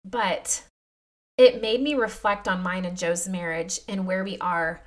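A woman's voice: lowish voice, fairly even intonation, a little slow. A woman in her thirties hosting a faith-based podcast, talking to her listeners in a confiding, emotional way. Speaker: podcast host. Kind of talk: heartfelt faith-based talk.

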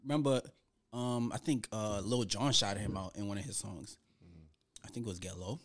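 A man's voice: lowish voice, fairly even intonation, moderate pace. A young man in casual chat among friends, slangy and laid-back, running through his favorites.

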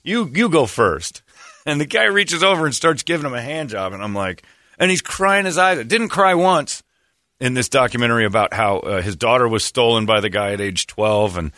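Forceful-voiced storytelling man. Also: a little fast, no echo, studio quality. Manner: animated, jumps into high mocking shouts. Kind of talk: comedic storytelling.

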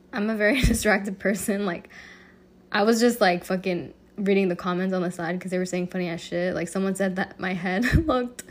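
A woman hosting her own podcast, telling a story in a casual, profane and animated way with frequent laughter. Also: medium pitch. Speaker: podcast host.

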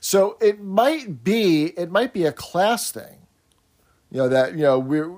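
A man's voice: high-pitched, expressive, unhurried, a little mellow. A man co-hosting a casual chat, explaining and telling stories with asides. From New York City area. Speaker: podcast co-host.

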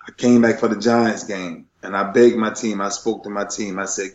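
A man's voice: fairly low pitch, fairly even intonation, normal speed, few pauses, reverberant. Middle-aged guy telling a story all fired up, repeats himself like a preacher, dull lo-fi sound. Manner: passionate, repetitive, preacher-like rhythm. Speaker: podcast guest, retired football player. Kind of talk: emotional storytelling.

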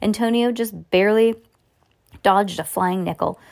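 A woman's voice: medium pitch, unhurried, vocal fry. Woman reading a children's book aloud. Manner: lively voices for characters, stumbles and rereads. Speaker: reader.

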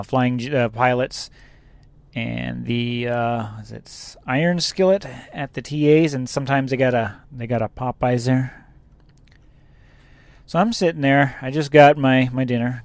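A man's voice: medium pitch, darkish tone, dry recording. A man who drives a truck, chatting casually and rambling about his day on the road. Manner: rambling, laughs at own story. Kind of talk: casual chat.

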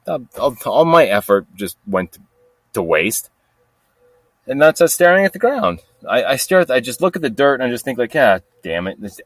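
A man's voice: medium pitch, no echo. A man rambles through a solo podcast rant in a mid-range voice, cursing freely, stumbling over restarts and breaking into laughs. The sound is dry and close, with no room around it. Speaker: podcast host.

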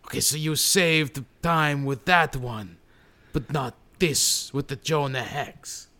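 A man's voice: mid-range voice, takes it slowly, sharp tone. A man impersonating a male movie star who presents awards in a pompous, over-formal way.

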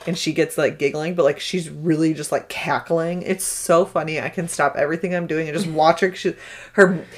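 A woman in her thirties with a fairly low voice co-hosts a laid-back podcast chat. She talks in a relaxed way, backs up her partner with steady murmurs of agreement, and shares warm stories about her daughter. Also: normal speed. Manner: relaxed, supportive, many affirming backchannels. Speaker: podcast co-host. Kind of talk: casual chat.

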